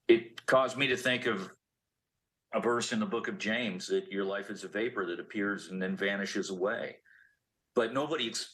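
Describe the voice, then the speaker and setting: A male panelist on a news show, thoughtful and asking careful questions. His voice is lowish but bright and forward in tone. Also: low-quality recording. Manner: reflective, questioning. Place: TV studio.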